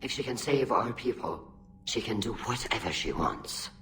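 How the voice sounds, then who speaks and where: An actor playing a composed male alien military officer who gives measured, formal briefings. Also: on the low side, expressive, pushed and bright, a little hiss or hum.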